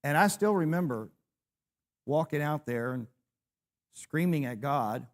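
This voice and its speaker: A man's voice: fairly high pitch, lively intonation, a little slow, pauses often. A man in his sixties, a preacher, teaching a church class, telling a personal story with self-deprecating humor.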